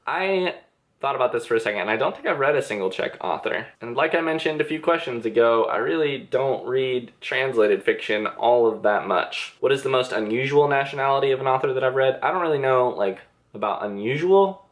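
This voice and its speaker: A man's voice: medium pitch, lively intonation, brisk. A young man casually answering viewer questions in a vlog from his bedroom, chatty and self-deprecating, with many filler words. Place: bedroom with reading chair.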